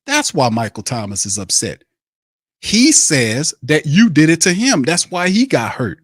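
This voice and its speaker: A man's voice: fairly high pitch, sing-song, measured pace, dry recording, clean studio sound. A man hosting a sports podcast, ranting in blunt, profane, repetitive bursts. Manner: fired-up ranting, repeats himself, blunt and profane. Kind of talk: heated sports commentary.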